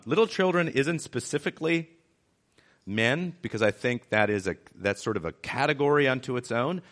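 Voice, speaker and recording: Low-voiced man preaching a casual sermon. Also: fairly bright tone. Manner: conversational preaching with repeated emphatic points. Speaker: pastor. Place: city church.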